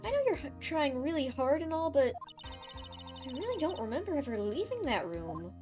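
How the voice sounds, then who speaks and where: A woman voicing a bubbly, upbeat young woman who talks in a cheerful, lively way. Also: high-pitched, moderate pace, music in the background, pitched above the performer's own voice.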